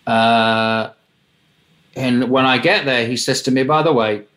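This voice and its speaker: An older man spins wry, lively tales from his years in the music business. He slips into other people's voices as he quotes them, with the easy pacing of an interview guest. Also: medium pitch, a little slow. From England. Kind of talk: anecdotal interview storytelling.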